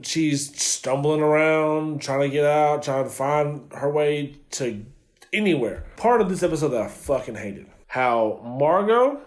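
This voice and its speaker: A man with a slightly high voice co-hosts a casual TV review. He recaps scenes in a loose, profane way and slips into the characters' lines as he tells them. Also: lively intonation, measured pace. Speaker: co-host reviewing a TV series. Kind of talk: casual chat.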